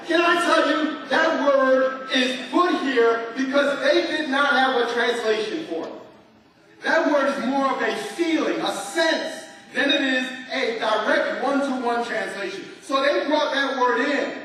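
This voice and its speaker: A man's voice: very high voice, measured pace. Guy preaching a sermon, gets the crowd repeating after him, super echoey church sound. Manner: animated preaching, leads the congregation in call-and-response. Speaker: pastor. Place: large church hall. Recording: echoey church hall from far off.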